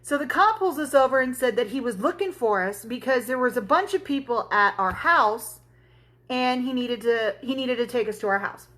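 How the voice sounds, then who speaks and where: This tumbler crafting livestream host, a woman with a fairly high, expressive and fairly bright voice, talks at normal speed as she works. She's a chatty storyteller who answers viewers and swears and laughs freely in a casual stream.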